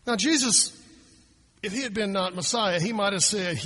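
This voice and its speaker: Pastor, male, high husky voice, conversational sermon with acted-out quotes, long church reverb. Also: animated, moderate pace, long pauses, pushed and bright.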